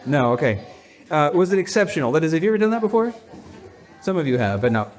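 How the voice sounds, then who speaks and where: A man's voice: a little high, very animated, quick pace, a little mellow. A man, a pastor, playfully leading his congregation through a rhythm game, counting them in and laughing along. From United States. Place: church hall with a congregation.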